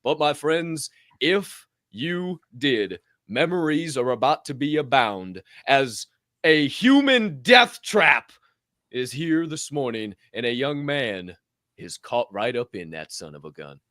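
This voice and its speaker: A man co-hosting a podcast in casual, animated banter, swearing freely and calling listeners his friends. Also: mid-range voice, slow pace, no echo, clean studio sound. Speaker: podcast co-host.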